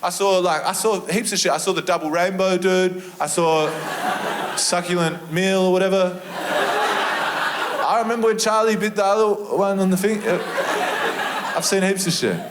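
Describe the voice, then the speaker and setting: A laid-back Australian man of about thirty doing stand-up, his voice sitting a bit higher than most men's. He tells a rambling story on a club stage, with clear room noise behind him. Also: normal speed, pauses often. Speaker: stand-up comedian. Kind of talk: stand-up set.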